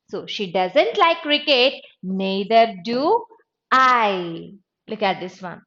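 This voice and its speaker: A woman's voice: a little high, expressive, a little slow, fairly bright tone, muffled recording. A woman teaching an English grammar lesson, explaining step by step and stressing each example sentence.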